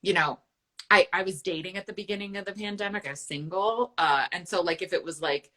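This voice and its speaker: A woman's voice: lowish voice, a little fast, sharp tone. A woman nutritionist hosting a casual chat, candid and chatty, often checking in with "right?". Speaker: nutritionist and host.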